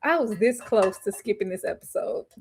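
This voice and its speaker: A young woman hosting a casual live show about a TV series, chatty and quick to laugh. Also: medium pitch, animated, a little mellow, slightly rough. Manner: chatty, laughs often, drawls phrases, slips into playful quoted voices. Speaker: TV recap vlogger. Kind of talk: casual chat to a live audience.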